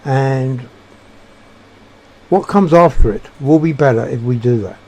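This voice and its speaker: A man giving a reflective monologue, halting and searching for words with frequent restarts. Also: mid-range voice, warm tone. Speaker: speaker sharing personal beliefs.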